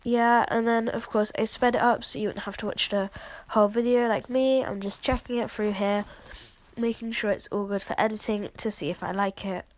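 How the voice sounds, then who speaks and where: Sick and congested, this woman coughs as she casually walks viewers through her video editing in a screen recording. Her medium-pitched voice stays fairly even at a moderate pace, and she chats apologetically with plenty of fillers.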